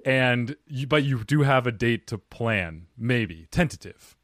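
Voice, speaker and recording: A man's voice: mid-range voice, lively intonation, measured pace, a bit bright, no room sound, clean studio sound. A man hosting a podcast, chatting playfully with his guest and laughing often. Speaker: podcast host. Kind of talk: casual podcast interview.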